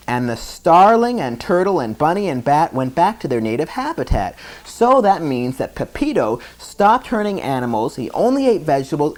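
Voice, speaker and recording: Man, bedtime story reader, chatty, explains as he goes, lively pitch. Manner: chatty, explains words as he reads.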